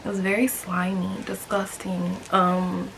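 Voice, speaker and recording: A young woman hosting a storytime vlog, chatty and animated, talking straight to her viewers and acting out other people's voices. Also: lowish voice, a little slow, vocal fry, noisy background. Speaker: vlogger host.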